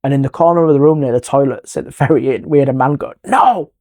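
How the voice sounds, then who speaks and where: An English paranormal investigator in middle age tells a ghost story in casual conversation, talking very fast in a mid-range voice. He's animated, performs the voices of the people in the tale, and sometimes drops to a hush.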